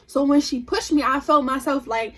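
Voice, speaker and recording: A young woman vlogger telling a storytime tale in an animated, emphatic way. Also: sits high, moderate pace. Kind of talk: storytime vlog.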